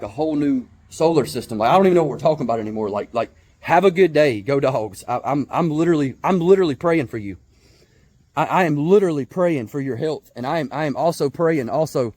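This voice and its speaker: Young man, late twenties, rant vlogger, a touch high-pitched, excitable, trips over his words. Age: 20s. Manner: heated, repetitive, stammering restarts, mocking put-on voices. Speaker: vlogger, Georgia football fan. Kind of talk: casual rant to camera.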